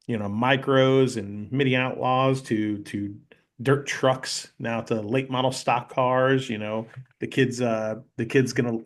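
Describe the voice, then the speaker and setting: A man guest on a podcast, telling animated stories in casual chat and acting out the people he quotes. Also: mid-range voice. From North Carolina. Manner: animated storyteller, acts out quoted voices, many "you know"s.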